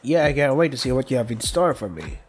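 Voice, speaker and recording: A man's voice: medium pitch, very animated, fast talker, natural voice. A man voicing a friendly young protagonist who makes casual, self-conscious jokes, read in his own everyday voice over faint background music.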